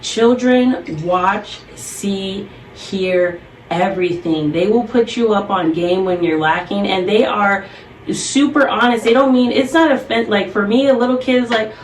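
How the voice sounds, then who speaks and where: A woman's voice: medium pitch, moderate pace. A woman in her thirties, guest co-host of a podcast, chatting casually in a blunt, direct way and telling stories with animation. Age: 30s. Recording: roomy, distant mic with faint noise.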